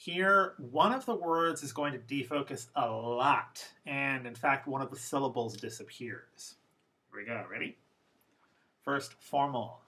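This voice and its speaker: Bright-voiced male English teacher lecturing. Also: mid-range voice. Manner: slow deliberate modeling of example sentences; clear, explanatory, addressing students. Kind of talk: classroom lecture.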